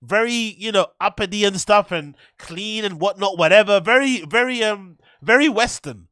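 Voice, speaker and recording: A man's voice: sits high, normal speed, pushed and bright, no echo, studio quality. A man hosting a casual reaction show who laughs hard and swears freely. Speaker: host.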